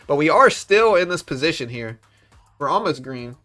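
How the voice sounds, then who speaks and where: A man's voice: a little high, sing-song, moderate pace, bright, forceful tone. A young man hosting a live trading stream, joking around and chatting with viewers. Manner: joking, chatty, talks to chat. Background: faint music.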